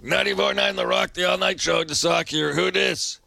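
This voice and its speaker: A man hosting a late-night radio show, bantering with a caller in a wry, teasing, deadpan way. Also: high voice, brisk, vocal fry. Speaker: radio host.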